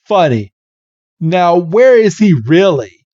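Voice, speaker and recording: A man's voice: high voice, big pitch swings, slow, a little mellow, no echo, voice pushed up, full character voice. A man doing a cocky boy trainer, dull lo-fi. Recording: dull, muffled lo-fi recording.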